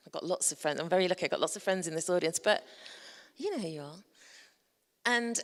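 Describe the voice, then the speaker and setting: A woman's voice: lowish voice, expressive, quick pace. Brief: woman with a Yorkshire accent, conference speaker, chatty and jokey, long hall reverb. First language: English. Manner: chatty and humorous, addresses the audience directly. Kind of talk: presentation on public speaking.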